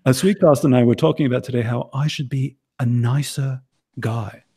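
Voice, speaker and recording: A man's voice: mid-range voice, normal speed, mellow, slightly rough. A man hosting a casual live stream, teasing his guests and laughing often. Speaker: stream host.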